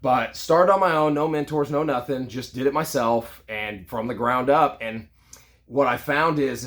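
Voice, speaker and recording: A man's voice: medium pitch, fairly bright tone. A man in his thirties, a real estate agent, casually telling a personal story with frequent "you know" and "like".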